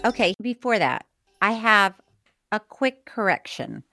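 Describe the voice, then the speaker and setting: A woman's voice: mid-range voice, big pitch swings, a little slow, over music. A middle-aged woman co-hosting a podcast in casual chat, laughing often and reading listener mail aloud. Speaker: podcast co-host.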